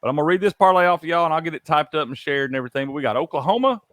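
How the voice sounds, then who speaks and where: A man hosting a betting stream in a slightly high voice, relaxed and unhurried as he reads off his picks. His voice is recorded close and dry. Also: no room sound. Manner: laid-back, drawling, reads lists of picks. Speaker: sports betting stream host. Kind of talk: casual sports chat.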